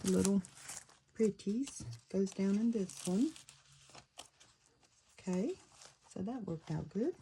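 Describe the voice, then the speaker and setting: A woman casually talking through a handmade journal, thinking aloud and pausing to fiddle with the pieces. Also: mid-range voice, lively intonation, warm tone, slight background noise, poor audio. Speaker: paper craft creator. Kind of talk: casual craft flip-through.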